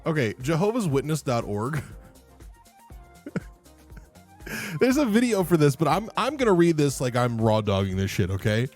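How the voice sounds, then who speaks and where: A man's voice: fairly high pitch, big pitch swings, measured pace, pauses often, darkish tone, soft background music. A young man livestreaming, chatting casually with viewers, laughing often, rambling and swearing freely. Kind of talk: casual stream chat.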